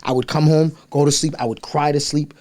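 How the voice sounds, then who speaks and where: A man's voice: on the high side, a little fast. A young man from Liberia, a podcast guest, telling his life story in casual chat and acting out the people in it. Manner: animated, acts out voices in his stories.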